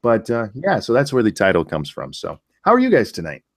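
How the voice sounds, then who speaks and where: A young adult man hosting a casual livestream chat, telling animated stories and talking over cohosts. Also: medium pitch, fairly quick. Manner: animated storyteller, acts out voices in anecdotes. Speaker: podcast host.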